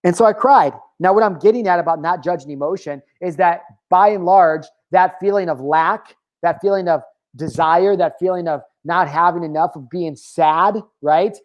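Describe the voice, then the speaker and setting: Hosting his own motivational talk, a man in his thirties speaks at a normal speed in a voice a little higher than most men's, captured on dull audio. He's candid, swears freely, and wanders off on tangents with lots of filler words.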